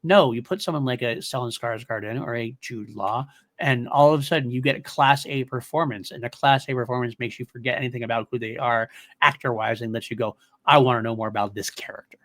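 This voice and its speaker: A man's voice: mid-range voice, fairly even intonation, a little fast, fairly bright tone, dry recording. Male podcast host, casual and rambling, mid-range voice, dry close sound. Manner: enthusiastic, rambling, laughs often. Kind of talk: casual chat.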